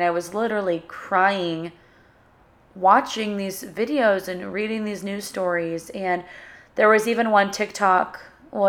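A young woman hosting a solo podcast, talking in an emotional, halting way and searching for her words. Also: medium pitch. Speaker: podcast host.

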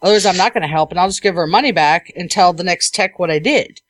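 A woman hosting a podcast as an IT technician, telling a work story in a lively, casual way and acting out what people said. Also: on the low side, fast talker, no room sound.

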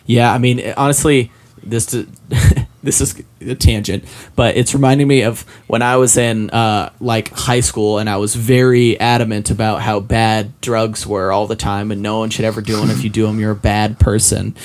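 A man's voice: on the low side, flat delivery, normal speed. A man in his twenties co-hosting a casual chat, rambling and self-mocking, full of "like" and "um". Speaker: podcast co-host discussing a game.

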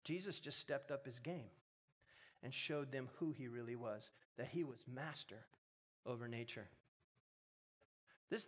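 A man's voice: fairly high pitch, a bit bright. A man preaching a sermon, retelling a story with humor and building to emphatic exhortation. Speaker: pastor.

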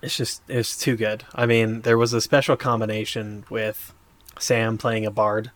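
A man's voice: lowish voice, a little slow. Rambling man in casual podcast chat. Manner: rambling, animated retelling with many fillers. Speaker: podcast co-host.

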